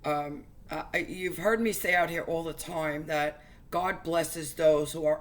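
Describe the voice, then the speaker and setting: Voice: mid-range voice, fairly even intonation, unhurried. A religious vlogger giving an emotional personal testimony to viewers, speaking earnestly and fervently with stumbling restarts.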